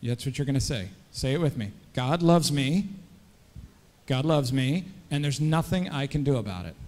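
A man's voice: mid-range voice, lively intonation, moderate pace, darkish tone. A man leading a children's message in church as pastor, coaxing the kids with many friendly questions. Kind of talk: children's sermon. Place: church sanctuary. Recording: long church hall reverb.

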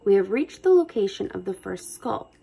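A woman voicing a fierce, quick-tempered female mouse who shrieks and yells orders at her brother. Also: mid-range voice, big pitch swings, vocal fry, slightly rough, heavily acted. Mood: commanding. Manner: angry, commanding.

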